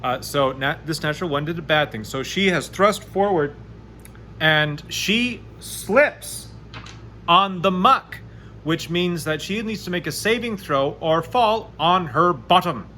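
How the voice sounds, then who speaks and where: A man narrating a solo tabletop game, chatty and animated as he rolls dice aloud. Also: fairly high pitch, a little slow, slight background noise. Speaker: game master playing solo.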